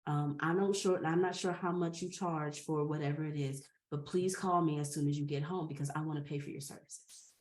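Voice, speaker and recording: A woman doing a kind, soft-spoken intake officer. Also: sits low, fairly even intonation, a little fast, pitched below the performer's own voice, lightly acted. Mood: gentle, curious. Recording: roomy echo.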